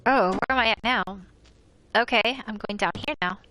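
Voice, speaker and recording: An American gaming streamer plays a horror game, chatting casually, laughing often and reading items aloud in a sharp, rather high voice at normal speed. The low-quality recording carries a little hiss or hum.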